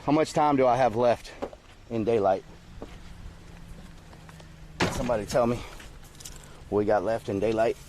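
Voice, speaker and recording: A relaxed, chatty man streams live from outdoors beside the water and keeps up a running talk with his viewers. His voice sits in a middling pitch, with a faint layer of outdoor noise behind it. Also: a little fast. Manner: casual, chatty, addresses viewers as y'all.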